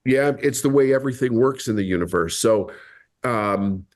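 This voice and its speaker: A man's voice: medium pitch, normal speed. A man as a podcast guest, explaining his ideas earnestly and driving points home by repeating them. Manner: earnest, explanatory, emphatic repetition. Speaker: podcast guest, mindset coach. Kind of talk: explaining in an interview.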